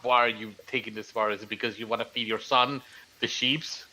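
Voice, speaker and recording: Bright-voiced hesitant young-sounding man. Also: on the low side, steady tone, fairly quick, slight background noise, poor audio. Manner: hesitant, stammering restarts. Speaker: player. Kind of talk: casual tabletop game chat.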